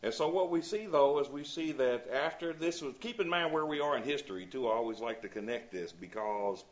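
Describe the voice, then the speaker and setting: A man leading a Bible study, speaking at a middling pitch as he works through scripture. He reads passages aloud and keeps turning to his group to ask if they follow. The recording is slightly dull and muffled. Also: animated, a little fast. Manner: reads scripture aloud and checks in with "you see?". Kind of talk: teaching a Bible class.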